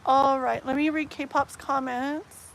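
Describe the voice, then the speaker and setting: A woman chatting casually on a live stream as a tarot reader, rambling and often sinking into soft murmurs. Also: sits high, steady tone, slow, vocal fry, a little hiss or hum, low-quality recording.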